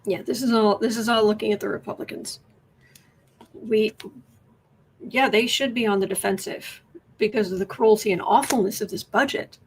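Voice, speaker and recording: A woman's voice: mid-range voice, moderate pace, long pauses, slight background noise. A woman hosting a casual tarot livestream, chatting and thinking aloud as she reads viewer questions. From United States. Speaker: tarot reader and livestream host. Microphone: webcam.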